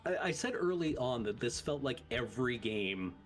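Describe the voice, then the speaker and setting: Streamer co-host, animated delivery, faint music under the voice. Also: medium pitch, moderate pace. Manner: animated, stumbles over names. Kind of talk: casual chat reading subscriber thanks.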